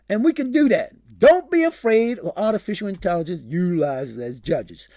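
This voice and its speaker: A man with a high, gravelly voice holds forth in a passionate, preachy solo commentary. His points wander and circle back. The recording is close and dry, with no room sound. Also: animated, normal speed, hardly any pauses, warm tone, no echo. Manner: impassioned, rambling, preachy. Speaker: show host.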